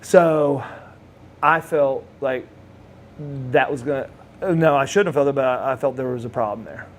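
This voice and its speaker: This interview guest, a middle-aged former wrestler, speaks with a Southern US accent in a mid-range voice at a moderate pace. In the casual interview he tells rambling anecdotes, sometimes restarting phrases and laughing occasionally.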